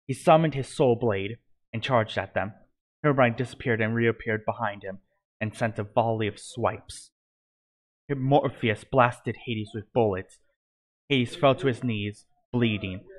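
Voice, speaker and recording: A man with a medium-pitched voice narrates a fan-written adventure story at an unhurried pace. His reading is amateurish, full of stumbles and self-corrections.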